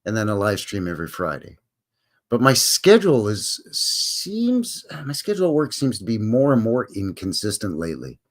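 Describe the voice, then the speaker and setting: A man's voice: lowish voice, big pitch swings, moderate pace. A man in his fifties hosting a casual live stream from home, chatting to viewers in a folksy, rambling way. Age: 50s.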